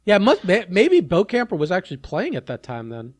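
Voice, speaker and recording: A man's voice: high voice, huge pitch swings, brisk, no echo. A man hosting a podcast, chiming in casually with short remarks and corrections. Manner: short interjections, offering corrections. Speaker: podcast host. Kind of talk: casual chat.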